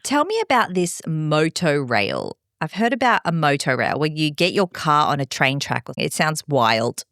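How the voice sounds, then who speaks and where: A woman from Australia hosting a podcast, bubbly and quick with exclamations as she interviews a guest. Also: sits low, very animated, fairly bright tone, no echo, studio quality. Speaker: podcast host. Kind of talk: casual interview.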